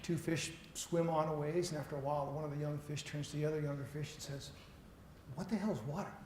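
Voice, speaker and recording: A middle-aged man delivers a conference keynote in a roomy lecture hall, with faint noise behind him. His voice sits a little high for a man, and he talks in a loose, storytelling way that pokes fun at himself. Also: level tone, quick pace, a little mellow. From Seattle. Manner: conversational, self-deprecating storyteller. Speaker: keynote speaker.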